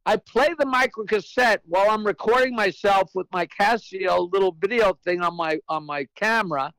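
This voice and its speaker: A man's voice: high-pitched, moderate pace, a bit bright, no room sound, poor audio. A man telling a brash, profane anecdote as a guest comedian, acting out the voices of the people in his story. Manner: brash, profane joke-teller; acts out quoted voices.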